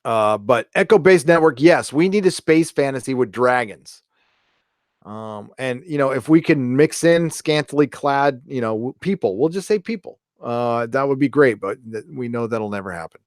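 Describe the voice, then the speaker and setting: Middle-aged guy rambling on his live stream, smooth clear voice, dry sound. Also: mid-range voice, expressive, normal speed, no room sound. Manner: rambling, reads donations aloud, jokey. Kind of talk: casual live stream chat.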